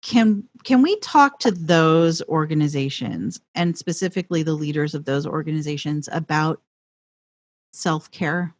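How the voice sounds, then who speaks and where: Low-voiced woman host asking questions. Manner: measured, thoughtful questioner. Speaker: podcast host. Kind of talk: conversational interview.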